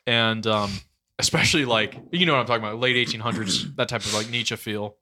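A man's voice: lowish voice, a little fast, bright, forceful tone. A man telling a story in a casual chat, rambling with lots of fillers. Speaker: guest.

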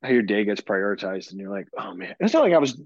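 A man's voice: fairly low pitch, sing-song, fast talker, no room sound. A man in his thirties co-hosting a casual podcast, blunt and self-mocking, swearing freely. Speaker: podcast co-host. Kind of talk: casual chat. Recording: dry, dull lo-fi sound.

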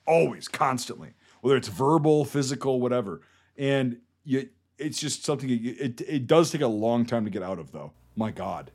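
A man's voice: medium pitch, lively intonation, normal speed, a little mellow, breathy edge. A man in his thirties, a veteran co-hosting a podcast, talking in a blunt, profane, rambling way. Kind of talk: casual podcast banter.

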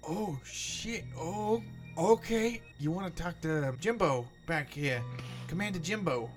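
A man voicing a flustered male soldier guarding a camp, stammering and pleading in a raised, higher voice. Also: takes it slowly, soft background music. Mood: startled.

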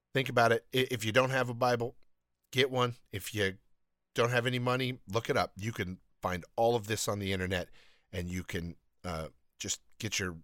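A man hosts his own faith podcast, talking in an earnest, rambling and self-deprecating way. His voice is fairly low but bright and forceful. The sound is dry and close. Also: no echo. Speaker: podcast host. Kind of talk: casual faith podcast talk.

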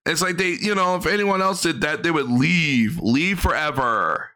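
A man's voice: a little high, normal speed, bright, forceful tone. A man giving blunt, profane commentary on a livestream, ranting in exasperation.

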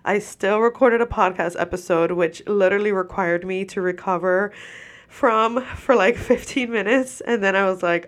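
Speaking at medium pitch and a moderate pace, a woman hosts a podcast while seated at a microphone. She's congested, stuffy-nosed and breathless, and her casual rant is full of swearing and laughter.

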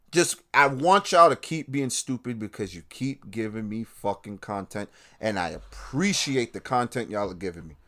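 Man, podcast host, angry rant, swearing, loud then quiet. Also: medium pitch. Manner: profane, heated, swings between shouting and muttering.

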